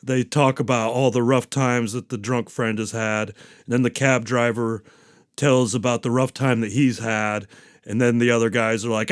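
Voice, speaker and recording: A man's voice: mid-range voice, fairly even intonation, normal speed, clear, resonant tone. A man hosting a podcast, recapping a movie in a rambling, profane, casual way. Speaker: podcast host.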